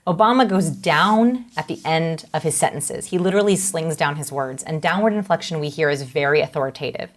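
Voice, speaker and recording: Lower-voiced woman explaining with examples. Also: brisk, hardly any pauses. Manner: lively, explains with acted-out examples. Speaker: guest, behavioral expert. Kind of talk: explanatory interview talk.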